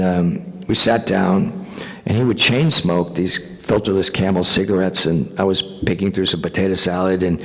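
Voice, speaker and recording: A man, an actor guest at a fan convention panel, telling animated anecdotes with casual swearing. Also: low voice. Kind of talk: convention Q&A storytelling. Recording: long reverb of a convention hall.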